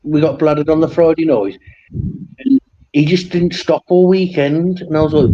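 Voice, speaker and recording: Man, casual storyteller, swears freely, dark tone, dull stream audio. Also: a little high, moderate pace, slight background noise. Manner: rambling anecdotes, swears freely. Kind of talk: casual chat.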